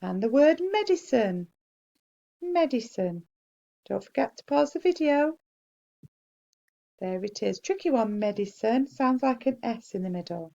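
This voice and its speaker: A woman teacher giving a slow, clear spelling dictation to young children and praising them gently. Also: fairly high pitch, animated, muffled recording. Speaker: primary school teacher.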